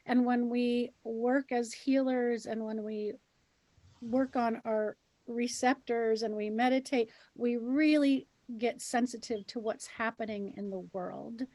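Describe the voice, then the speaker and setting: A woman co-hosting a podcast, calmly and reassuringly giving gentle advice in casual chat. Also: on the high side, slow, no room sound. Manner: calm, reassuring, gently advising. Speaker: co-host and healer.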